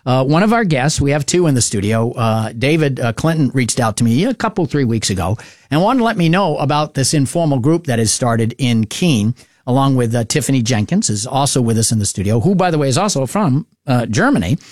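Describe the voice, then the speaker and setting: A man hosting a morning radio talk show in a relaxed, chatty way. He moves easily from plans for the hour to questions for his guests. His voice sits in an ordinary middle pitch, dry and close to the microphone. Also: a little fast, dry recording.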